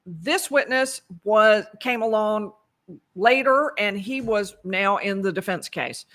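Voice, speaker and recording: A woman's voice: medium pitch, slow pace, a bit bright. A woman giving a casual, conversational recap of a court trial, correcting herself as she goes and dropping dry asides. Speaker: legal commentator.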